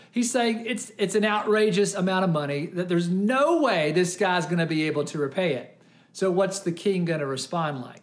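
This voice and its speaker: A preacher works through a parable verse by verse, explaining it in an animated, exclaiming way. The pitch sits in a middle range, and the delivery shifts freely between explanation and emphasis. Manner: animated storytelling, often exclaiming. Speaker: pastor. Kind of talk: sermon.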